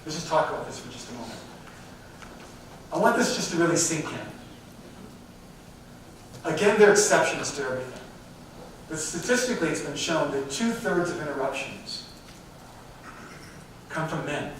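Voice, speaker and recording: A man's voice: on the high side, lively intonation, moderate pace, long pauses, fairly bright tone, slight background noise. Man talking in a very echoey hall. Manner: direct, addresses the audience with questions. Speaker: diversity speaker. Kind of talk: live talk to a company audience. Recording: very echoey hall, mic far off.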